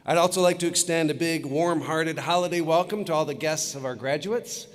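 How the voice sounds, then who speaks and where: A man's voice: a little high, brisk. A man giving an upbeat commencement speech, telling jokes and stories to the graduates. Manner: upbeat storytelling, leads crowd chants. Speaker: commencement speaker. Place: large arena with long reverb. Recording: long hall reverb.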